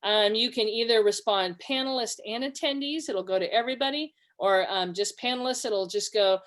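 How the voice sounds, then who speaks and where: A woman's voice: a little high, moderate pace, a bit bright. Woman presenter, middle-aged, chatty webinar delivery on a video call. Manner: chatty, with fillers and acted-out quotes. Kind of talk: casual teaching talk.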